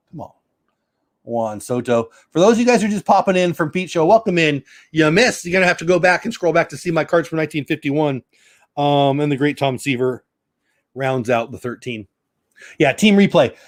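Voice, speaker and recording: A man's voice: a little high, dry recording, studio quality. A middle-aged man hosting a casual live stream, chatting and greeting viewers by name. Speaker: YouTube live stream host.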